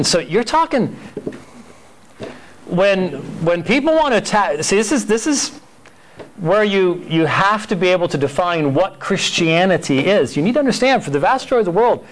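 A man teaching a Sunday school church history class in an emphatic, conversational way, often repeating words. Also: high voice.

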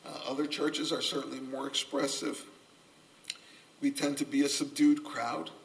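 An older man preaching a sermon, earnest and gently humorous, a self-described subdued speaker. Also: mid-range voice, little pitch movement, moderate pace, gravelly, a little hiss or hum. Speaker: pastor. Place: church sanctuary. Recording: voice from a distance off the mic.

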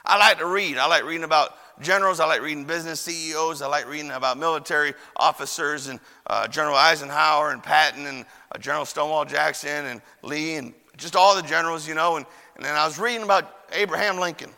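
A man preaching a chapel sermon as a storyteller, dropping to hushed asides and rising to shouts. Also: a little high, steady tone, quick pace, few pauses. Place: church chapel. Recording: long church hall reverb.

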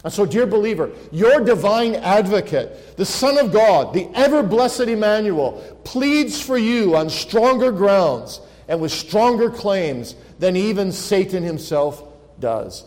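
A man preaching a sermon as pastor, earnest, slowing and swelling when he quotes scripture. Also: sits high, expressive, darkish tone. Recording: long reverb of a large hall.

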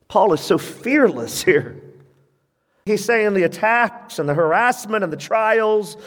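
Male pastor, radio sermon, animated with sharp high-pitched peaks, reverberant sanctuary sound. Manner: animated preaching, sudden high-pitched emphasis.

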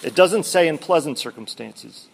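A serene, steady woman prisoner who holds to her faith, as a man reads her lines aloud from a book in his own slightly high voice. She speaks with quiet certainty and earnest warmth. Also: normal speed, creaky, slightly rough, full character voice. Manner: earnest reading of a quoted woman.

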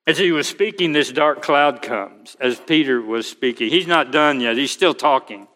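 A male pastor preaching a sermon, slow and emphatic, quoting scripture aloud. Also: mid-range voice, animated, a bit bright, long reverb tail.

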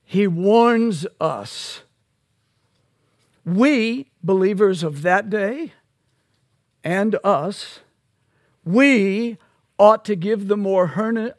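A male pastor preaching an expository sermon, slow and emphatic, rising to loud peaks on key words. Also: high-pitched, no echo, studio quality.

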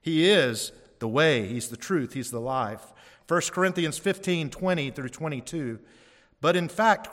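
A man's voice: on the high side, measured pace, fairly bright tone. A man preaching a sermon as pastor, emphatic and rising on key phrases, asking the congregation for responses. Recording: long hall reverb.

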